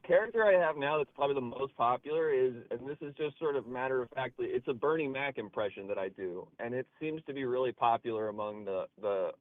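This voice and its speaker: A man's voice: mid-range voice, fast talker, hardly any pauses, slight background noise. A man calling in to a show, talking earnestly and hesitantly with trailing sentences. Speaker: caller. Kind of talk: casual phone chat. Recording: tinny phone line.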